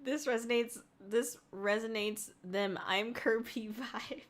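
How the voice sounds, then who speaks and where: A woman's voice: fairly high pitch, fairly even intonation, slow. A woman streamer chatting casually and reacting to clips, rambling and giggly and swearing freely. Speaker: VTuber streamer.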